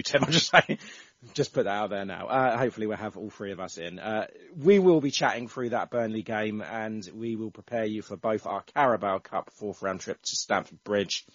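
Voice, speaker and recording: A man's voice: lowish voice, dry recording. A man hosting a casual football podcast, chatty and full of restarts. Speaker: podcast host. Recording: dull, dry, lo-fi sound.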